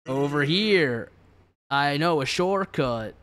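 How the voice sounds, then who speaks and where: A man's voice: on the high side, expressive, fairly bright tone. Sans, a man doing a drawling lazy skeleton. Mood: easygoing. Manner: slow southern-tinged drawl. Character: laid-back joking male skeleton. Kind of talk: reading game dialogue aloud.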